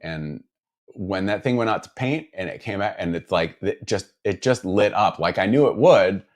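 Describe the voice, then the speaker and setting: Man from the Midwest, very low voice, casual live-stream chat, rambling, lots of ums and restarts. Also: expressive, moderate pace. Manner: rambling, many fillers and restarts, reads viewer comments. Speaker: guitar builder streaming to viewers.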